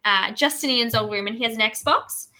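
Chatty woman, high bright voice, lots of "yeah" and "like". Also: normal speed. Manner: chatty, chimes in with short agreements and reactions. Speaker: book discussion co-host. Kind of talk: casual chat.

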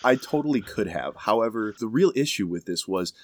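A man casually telling a story with emphatic, animated delivery. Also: fairly low pitch, a little fast.

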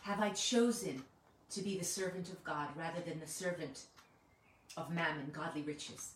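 A woman preaches in an earnest, conversational way and keeps asking rhetorical questions. Her voice sits fairly low for a woman. She sounds set back from the mic in a room that echoes, with a faint hiss behind her. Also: moderate pace, distant mic. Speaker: Bible teacher. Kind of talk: sermon.

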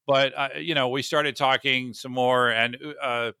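A man's voice: medium pitch, steady tone, a little slow, pushed and bright, smooth, no room sound, studio quality. A man hosting a podcast, chatty and self-deprecating, rambling a bit as he talks. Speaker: podcast host. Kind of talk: casual podcast interview.

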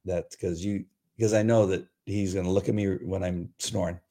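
A man co-hosting a faith podcast, chatting casually and telling rambling, jokey stories in a loud, booming voice. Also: fairly even intonation, normal speed. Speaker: podcast co-host. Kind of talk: casual chat.

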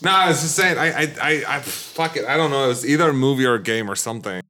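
A man's voice: mid-range voice, quick pace, sharp tone, a little hiss or hum. A man chatting casually before a tabletop game, rambling through a story, swearing a lot and laughing often.

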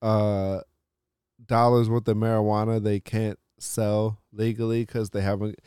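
A man's voice: fairly low pitch, level tone, a little slow, dark tone, clean tone, no echo. A man in casual chat as a podcast co-host, teasing his friend with dry jokes.

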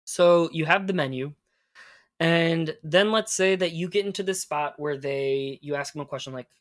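A man's voice: on the high side, dry recording. Patient man teaching phrases, close and dry. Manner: patient, explains and models phrases slowly. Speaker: Spanish teacher. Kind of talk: teaching conversational Spanish.

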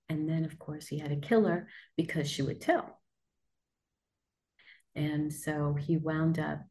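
A woman from New York hosting a podcast interview, speaking in a measured storytelling way. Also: deep voice, a little mellow, low-quality recording. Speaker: podcast host. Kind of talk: conversational interview.

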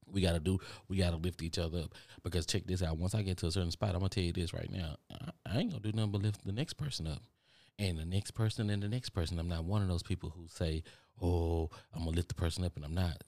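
A man's voice: deep voice, creaky, a little mellow, no room sound. A man from Texas with a Texan drawl, hosting a podcast in a rambling, preachy motivational monologue that repeats its phrases. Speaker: podcast host. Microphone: studio microphone.

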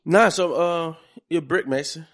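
A man's voice: on the high side, measured pace, a bit bright. Laid-back storytelling podcast host, a man. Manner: loose, storytelling, heavy slang. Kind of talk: casual podcast chat.

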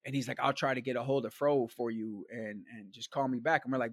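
This guest storyteller is a man who rambles animatedly through a long tale, peppering it with slang and the fillers "like," "man" and "bro." The recording is clean and dry, studio sound, and his medium-pitched voice moves fairly quickly.

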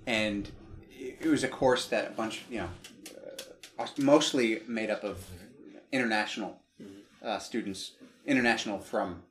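A man's voice: on the low side, normal speed, pauses often, a little hiss or hum. A man in his thirties with an American accent, hosting a casual chat with a film cast and telling funny stories. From United States. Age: 30s. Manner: storytelling, joking. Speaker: host asking the cast questions.

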